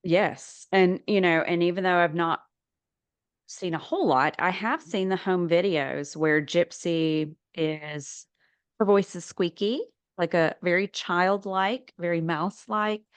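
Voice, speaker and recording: A woman's voice: lowish voice, steady tone, unhurried, clear, resonant tone, dry recording. Hesitant woman podcast co-host. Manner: hesitant, many ums and restarts. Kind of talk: casual chat.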